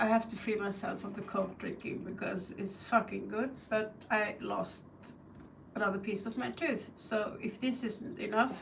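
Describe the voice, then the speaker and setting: A Norwegian tarot reader and channel host chats loosely on a live stream with a Norwegian accent, cursing, laughing, and imitating crow calls. Her voice is mid-range, gravelly, and fairly bright, captured from a distance on a rough recording with slight background noise.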